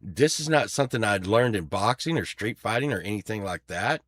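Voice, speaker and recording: Deep voiced middle-aged guy, slow and rambly, swears a lot, dry close sound. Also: animated, a bit bright, no echo. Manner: rambling and profane, full of fillers and restarts. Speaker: storyteller on a podcast. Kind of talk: casual storytelling.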